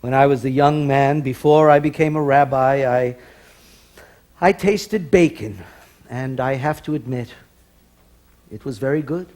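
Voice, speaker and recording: A man's voice: mid-range voice, unhurried, long pauses, darkish tone, pitched below the performer's own voice, close to an everyday voice. A man voicing a sly, confiding rabbi in a stage joke. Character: older male rabbi, sly and candid.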